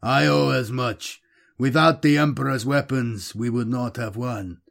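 A man's voice: medium pitch, fairly even intonation, unhurried, creaky. A man voicing an old, proud tribal war commander who speaks with defiant gravity. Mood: solemn. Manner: shouting, defiant.

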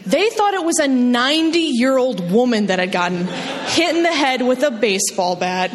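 A woman's voice: very animated, normal speed. Self-deprecating woman storyteller on stage. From New Jersey. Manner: self-deprecating, jumps high for quoted voices. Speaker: storyteller at a live show. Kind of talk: live comedic storytelling. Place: stage in a hall. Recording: long hall reverb.

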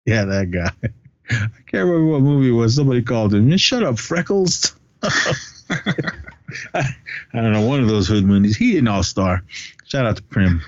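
A man co-hosting a podcast in casual movie chat, retelling scenes with lively put-on voices and frequent laughs. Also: lowish voice, normal speed, pauses often, no echo, lo-fi sound. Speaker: podcast co-host.

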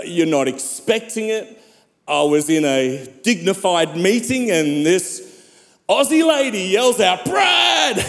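A male pastor preaches in a slow, measured rhythm, his voice sitting high and swinging widely in pitch. He keeps calling out to his congregation as he goes, and his words ring out with a long reverb through a large church hall. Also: a little mellow. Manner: preaching cadence with calls to the congregation. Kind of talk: sermon.

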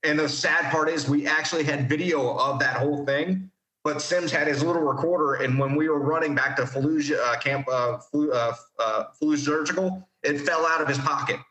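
A man tells war stories with lots of swearing and jumps into the voices of the people involved. His voice is bright and forceful and a bit higher than most men's. The room around him is noticeably echoey. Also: a little fast. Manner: profane, animated, acts out quotes loudly. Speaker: veteran guest telling war stories. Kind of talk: casual storytelling.

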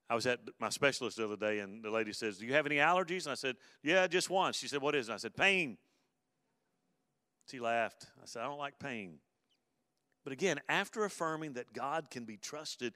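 Resonant preacher in a big hall. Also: male voice, medium pitch, clear, resonant tone, clean studio sound. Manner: conversational preaching, hushed at tender moments, rising to emphatic bursts. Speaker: pastor. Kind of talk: sermon.

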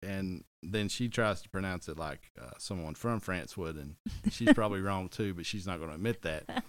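Middle-aged guy with a real low voice, rambly jokey podcast chat. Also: moderate pace, few pauses, no room sound. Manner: rambling, self-correcting, jokey. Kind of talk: casual chat.

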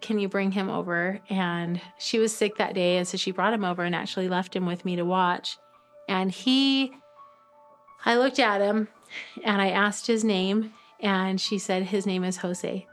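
A woman's voice: medium pitch, fairly bright tone. Tearful woman telling her adoption story. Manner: tearful at moments, halting with fillers. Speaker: interviewee sharing an adoption story. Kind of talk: emotional personal testimony.

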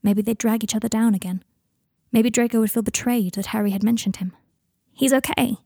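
A woman narrating a fan-fiction story in an even, steady storytelling manner. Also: on the high side, a little fast, vocal fry, no echo, clean studio sound. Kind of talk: audiobook narration.

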